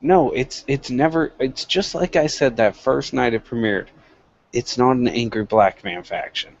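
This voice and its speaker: A man's voice: medium pitch, measured pace, gravelly, no echo. A man co-hosting a casual wrestling podcast, arguing his point with some swearing. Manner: argumentative, swearing. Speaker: podcast co-host. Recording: dull lo-fi audio.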